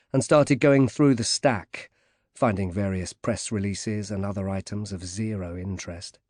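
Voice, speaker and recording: Dry, steady male audiobook narrator. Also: mid-range voice, no echo. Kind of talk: scripted narration.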